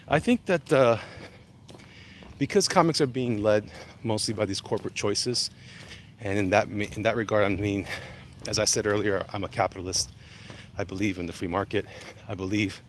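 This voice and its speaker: A man chatting casually on a livestream while walking briskly outdoors, a bit out of breath, greeting viewers by name as he rambles. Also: on the low side, fairly bright tone, a little hiss or hum. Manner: reads chat names aloud, greets viewers, rambling. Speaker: comic artist livestreaming. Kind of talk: casual live-stream chat while walking. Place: outdoors walking through a neighborhood.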